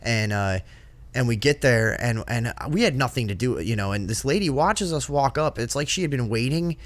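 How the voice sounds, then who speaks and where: A man's voice: medium pitch, moderate pace. A man co-hosting a casual podcast, telling a rambling story with lots of swearing and mimicking the people in it. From northern United States. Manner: profane, animated, mimics people he talks about. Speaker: podcast co-host.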